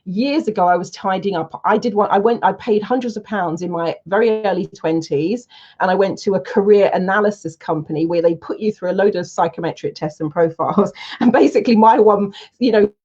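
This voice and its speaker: A woman in her forties, a coach from the United Kingdom, telling her story to an online audience in an animated, emphatic way from a room at home. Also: mid-range voice, fairly quick, breathy edge. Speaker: coach and soul plan reader. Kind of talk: casual talk to an online audience. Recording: slightly dull, lo-fi audio.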